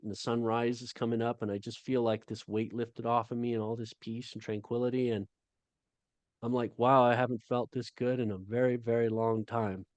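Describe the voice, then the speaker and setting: A middle-aged man, a guest author, talking casually on a video call, halting often with fillers. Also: medium pitch, clean tone, no room sound, muffled recording. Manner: halting storytelling with many fillers.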